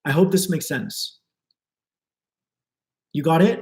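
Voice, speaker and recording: High-voiced man giving an earnest spiritual talk. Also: slow pace, darkish tone, roomy sound. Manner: earnest, flowing, repeats for emphasis. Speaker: spiritual teacher. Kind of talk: live spiritual talk to viewers.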